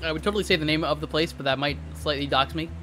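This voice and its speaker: A man's voice: a little high, steady tone, racing, bright, forceful tone. A young man casually chatting and rambling with stammered restarts while streaming a game. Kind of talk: casual gameplay commentary. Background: game music.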